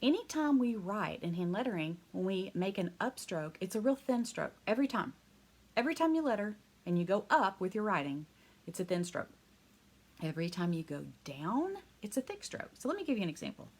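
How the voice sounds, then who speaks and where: A woman teaching a live hand-lettering class online. She talks fast and excitedly, chatty and encouraging, and laughs often. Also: mid-range voice, breathy edge. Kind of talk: live online craft lesson.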